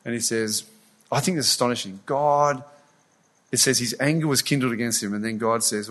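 A man's voice: medium pitch, normal speed. Earnest man preaching a sermon. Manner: earnest, animated storytelling, frequent restarts.

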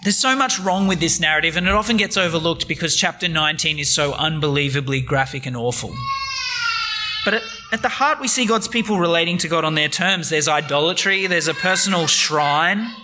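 A man preaching a sermon on a Bible passage, retelling it in a lively, conversational way. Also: high-pitched, noisy background.

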